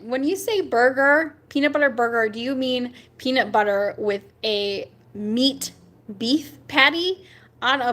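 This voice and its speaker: Chatty, excitable young woman. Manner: chatty and rambling, with many fillers and laughs; excitable, jumping in pitch on reactions. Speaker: livestream host chatting with viewers. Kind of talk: casual chat reading viewer comments.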